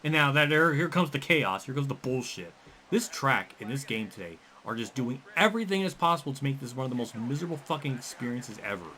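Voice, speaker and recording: Fuming, foul-mouthed racing gamer. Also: male voice, medium pitch, expressive, quick pace, slight background noise. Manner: frustrated, swearing, yelling in bursts. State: out of breath. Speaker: racing game streamer. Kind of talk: angry gameplay commentary.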